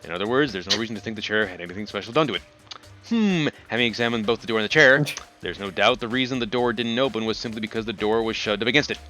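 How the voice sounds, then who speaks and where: A man's voice: fairly low pitch, fast talker, bright, forceful tone, soft background music. A man reading game dialogue aloud during a co-op playthrough, with joking asides. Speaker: let's play host.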